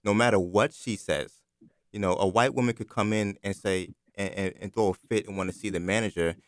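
A man with a very low, grounded voice lays out his point in a measured, explanatory way. He often stops on "you know" while he thinks. The sound is dry and close-miked. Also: steady tone, dry recording. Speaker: discussion participant. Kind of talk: thoughtful podcast discussion.

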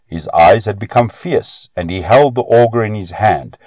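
A man narrating a storybook tale in an expressive, unhurried reading. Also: fairly low pitch, no echo.

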